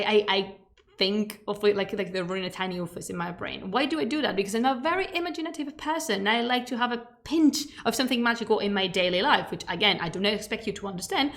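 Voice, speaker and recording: Woman, spanish is her first language, chatty streamer doing a history talk, playful and all over the place, middle pitch. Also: bright, forceful tone. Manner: chatty, playful and digressive, with emphatic asides. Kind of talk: casual chat leading into a history lecture.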